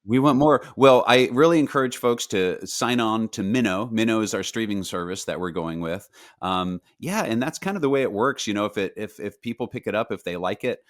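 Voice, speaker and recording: A man answering interview questions about his animated series in a casual, halting way, full of fillers and restarts. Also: on the low side, dry recording, studio quality. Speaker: guest, animated series creator.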